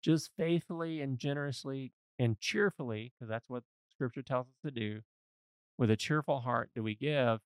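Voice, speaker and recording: A financial advisor hosts a conversational podcast, speaking at a normal speed in a medium-pitched, smooth male voice. His delivery is folksy, earnest and emphatic, and the recording is clean studio sound with no room noise.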